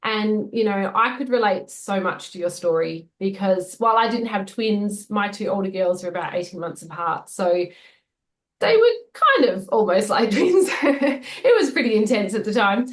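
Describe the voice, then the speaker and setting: A woman's voice: mid-range voice, expressive, moderate pace, poor audio. A woman with an Australian accent, co-hosting an interview and speaking candidly and personally in casual conversation. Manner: candid, personal, laughs easily. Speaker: co-host interviewer.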